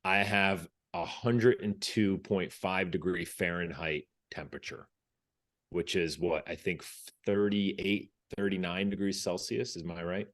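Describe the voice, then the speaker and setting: Deep-voiced man telling a war story. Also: a little slow. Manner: vivid storyteller who acts out quotes and restarts phrases. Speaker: podcast guest, former Navy SEAL. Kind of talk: casual storytelling in an interview.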